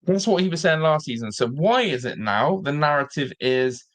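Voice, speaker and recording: A man's voice: a little high, expressive, moderate pace, fairly bright tone. A man hosting a live-streamed football fan show, ranting in exasperation and repeating himself. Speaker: fan channel host.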